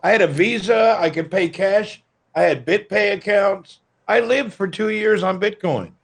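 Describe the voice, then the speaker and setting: A man's voice: high voice, measured pace, gravelly, breathy edge. A man chatting as a guest on a video call, grumbling as he talks. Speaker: livestream guest. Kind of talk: casual video call chat.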